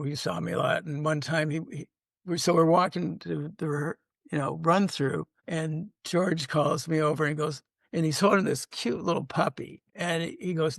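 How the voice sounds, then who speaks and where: A man's voice: a little high, creaky, no echo, studio quality. An older man, a sitcom writer and producer, telling rambling anecdotes in a casual interview, full of fillers and restarts.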